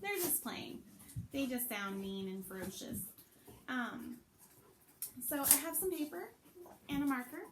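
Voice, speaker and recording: A woman teaching young children to sound out letters from her home, talking slowly in a sing-song teacher's voice. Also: high-pitched, big pitch swings, noisy background. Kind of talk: remote phonics lesson for young children. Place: her home, with pets around.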